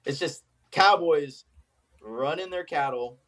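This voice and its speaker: A man's voice: a little high, takes it slowly, a bit bright. A man from the United States, a paleontologist guest telling stories in a casual podcast chat, full of fillers and restarts. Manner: chatty, storytelling, many fillers.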